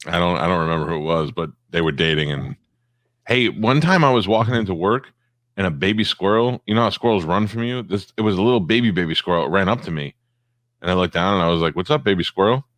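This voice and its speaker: A man in casual chat telling blunt, deadpan stories. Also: low voice, fast, no echo.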